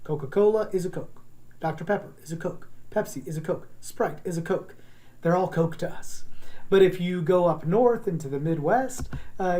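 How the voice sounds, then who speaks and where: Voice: mid-range voice, dark tone. Chatty drama teacher from the American South. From Southern United States. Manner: chatty, wandering into asides, drops into quick accent demos. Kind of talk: recorded online class lecture.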